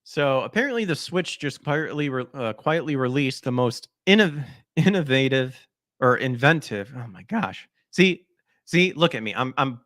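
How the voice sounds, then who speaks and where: A man's voice: medium pitch, fairly bright tone, no echo, clean studio sound. A man hosting a gaming podcast, ranting sarcastically about news articles in a mocking, crude way. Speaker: podcast host.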